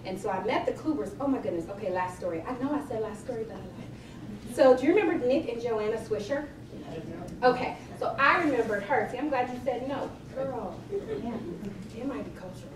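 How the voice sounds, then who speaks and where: A Cleveland, Ohio, personal chef in middle age tells amusing stories at a live library event, her voice on the high side and fairly quick. Animated and laughing, she's recorded from afar in an echoey room, with a noisy crowd in the background.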